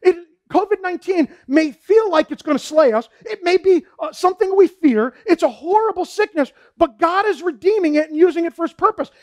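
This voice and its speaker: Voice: very high voice, lively intonation, a little fast, hardly any pauses, a little mellow. A pastor preaching a sermon in a fervent, repetitive way, often saying "man" and "folks".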